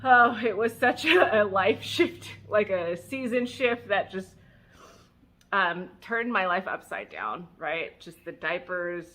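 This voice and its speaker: A woman vlogger telling her own story casually, candid and emotional, with fillers and self-mocking laughs. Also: mid-range voice. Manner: animated, acting out her own past words.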